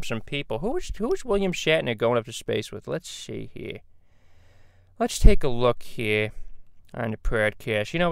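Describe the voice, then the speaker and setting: A man voicing a crass, loudmouthed middle-aged cartoon dad, nasal and rambling, in a crude comedy monologue. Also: mid-range voice, clean tone, dry recording, natural voice. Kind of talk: fan comedy impression monologue.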